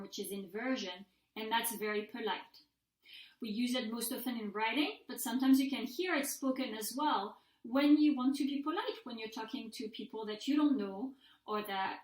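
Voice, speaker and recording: Woman teacher walking students through a lesson, a bit high voice, echoey room. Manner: patient, methodical, models example sentences aloud. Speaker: French language instructor. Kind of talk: recorded mini-lecture.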